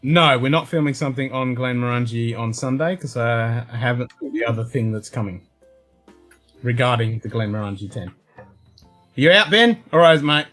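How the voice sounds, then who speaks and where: An Australian man hosting a casual whisky livestream, loud and laughing, swearing freely. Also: medium pitch, moderate pace, soft background music. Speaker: show host.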